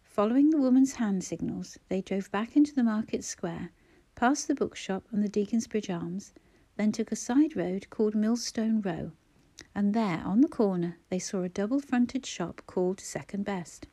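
Woman narrating a story in a mellow voice. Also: mid-range voice, normal speed. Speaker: audiobook narrator. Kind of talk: scripted narration.

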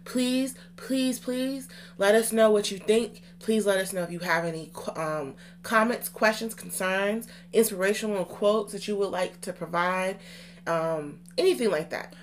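A woman's voice: medium pitch, measured pace, a little hiss or hum. A young woman co-hosting a podcast, chatting casually and rambling with restarts and fillers. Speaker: podcast co-host.

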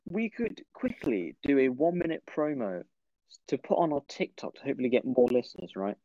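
A man's voice: medium pitch, sing-song, a little fast, no echo. A young man co-hosting a casual podcast with friends over a voice call, jokey and mock-confident. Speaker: podcast co-host. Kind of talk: casual chat among friends. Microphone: online voice call. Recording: dull, dry lo-fi call mic.

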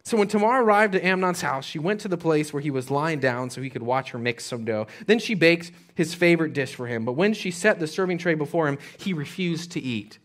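Male pastor preaching, chatty and casual, voice a bit on the high side. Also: moderate pace. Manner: conversational preaching, casual slang. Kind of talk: sermon.

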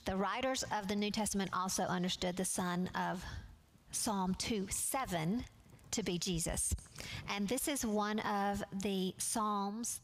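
A woman teaching a Bible study class from slides. She speaks in a measured, earnest way and leans on key words. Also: medium pitch.

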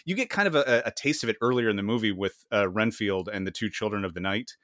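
A man's voice: lowish voice, fast, a bit bright, no echo, studio quality. A man co-hosting a podcast in casual chat, stumbling and repeating words and laughing often. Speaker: podcast co-host.

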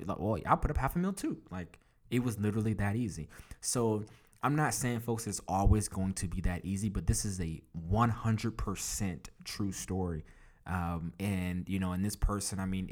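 Deep-voiced man telling a podcast story. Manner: chatty, animated, acts out quoted dialogue; many fillers and restarts. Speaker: podcast host. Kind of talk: casual storytelling advice.

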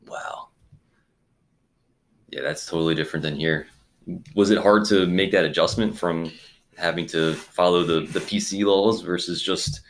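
Man, American accent, very low voice, friendly casual interviewer. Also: fairly even intonation, moderate pace, pauses often. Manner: friendly, laughs along, short acknowledgements. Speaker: podcast host interviewer.

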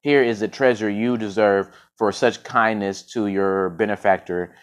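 A man's voice: lowish voice, steady tone, normal speed, lightly acted. A man voicing a commanding king from an old fable, stern and proclaiming. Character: ancient Indian king, commanding, quick to wrath.

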